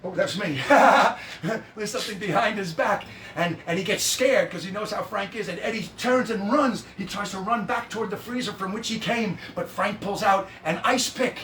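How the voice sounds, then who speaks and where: A man retelling a stage show on a live stream in a lively way, often restarting his sentences and laughing along. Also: sits high, moderate pace, hardly any pauses, reverberant, distant mic, a little hiss or hum.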